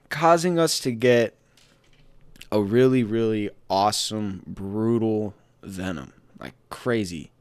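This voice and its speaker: A man's voice: lowish voice, takes it slowly, long pauses, clear, resonant tone, dry recording. A young adult man hosting a casual movie news commentary, chatty and rambling with many restarts and asides. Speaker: pop culture show host.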